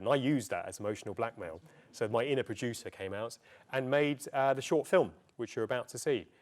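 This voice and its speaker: A middle-aged man presents to a festival audience in a relaxed, anecdotal way, pausing often with ums and uhs. His voice sits a little low. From England. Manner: chatty, anecdotal, with frequent ums. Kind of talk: public talk. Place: festival venue before an audience.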